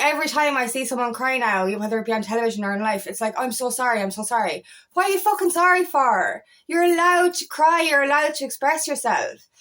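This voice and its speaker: A woman's voice: high voice, a bit bright. A woman, a feminine empowerment coach, talking straight to camera in a passionate, blunt way, swearing freely. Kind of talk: direct-to-camera talk.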